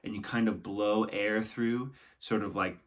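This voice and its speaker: A young adult man teaching singing, guiding a vocal warm-up and often checking in with "right?". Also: lowish voice, steady tone, unhurried, a little hiss or hum. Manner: encouraging, talks along with exercises, often ends with "right?". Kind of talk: guided vocal warm-up lesson.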